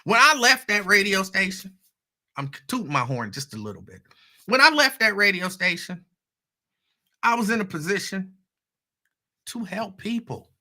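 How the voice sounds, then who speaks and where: Male host, fairly high, very bright voice, casual storytelling with asides to the audience. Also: normal speed, long pauses. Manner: conversational storytelling, animated asides to listeners. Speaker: radio host. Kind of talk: casual monologue.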